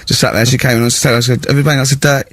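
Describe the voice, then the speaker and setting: A man hosting a radio show, telling school stories in a lively way and laughing a lot. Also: mid-range voice, rapid-fire, dry recording. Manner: animated storyteller, laughing, acting out voices. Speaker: radio host. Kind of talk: casual radio banter. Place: radio studio. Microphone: studio mic.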